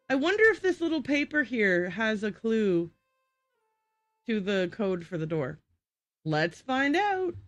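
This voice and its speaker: A woman's voice: mid-range voice, very animated, measured pace, dry recording, soft background music. Chatty, giggly woman game streamer. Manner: giggly, self-deprecating, chatty. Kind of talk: live gaming commentary.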